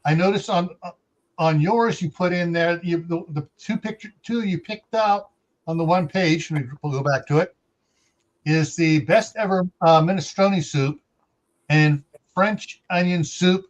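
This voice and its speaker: Chatty middle-aged male host with a high voice, laughs easily, reads out viewer comments. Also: a little slow, lo-fi sound. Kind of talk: casual livestream chat.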